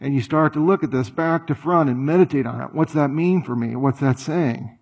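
A man preaching a sermon in a conversational, animated way, full of rhetorical questions and playful asides. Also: medium pitch, moderate pace, gravelly, breathy edge. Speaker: pastor.

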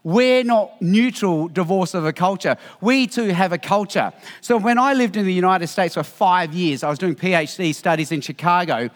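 A man's voice: high-pitched, normal speed, few pauses, in a large hall. A middle-aged Australian man giving a Christian teaching talk, telling stories and acting out what people said. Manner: lively storytelling, acts out quotes.

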